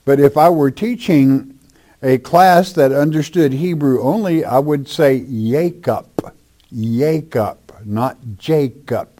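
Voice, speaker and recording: Male pastor, warm dark tone, blunt and plain-spoken, Bible Q&A. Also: a little high. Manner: blunt, plain-spoken, slow emphatic spelling out. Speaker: pastor answering listener questions. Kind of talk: Bible question-and-answer teaching.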